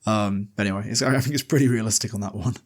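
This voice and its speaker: A man's voice: on the low side, fast. A man hosting a podcast, casually recapping a book chapter in a loose, chatty way with lots of fillers and the odd swear. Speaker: podcast host.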